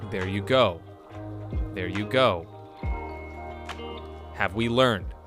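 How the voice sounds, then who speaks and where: A young adult man streaming a game, chatting playfully with his viewers and breaking into sudden loud shouts. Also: fairly low pitch, drawn-out words, music in the background. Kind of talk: casual live-stream chat.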